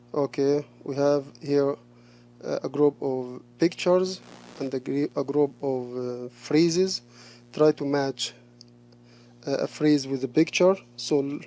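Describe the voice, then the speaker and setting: A male English teacher talking through a lesson, slowly repeating each answer and praising the replies. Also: medium pitch, a little mellow. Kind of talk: recorded classroom lesson.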